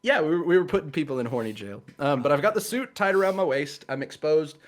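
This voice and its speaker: A man's voice: a little high, animated, quick pace. A man, a guest cosplayer on a livestream, telling a casual story with laughs and quoted voices over a video call.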